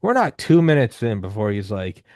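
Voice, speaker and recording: A man in his thirties hosting a podcast, telling stories in a loose, rambling, animated way with casual swearing. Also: on the low side, moderate pace, no echo, clean studio sound. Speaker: podcast host. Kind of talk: casual conversational storytelling.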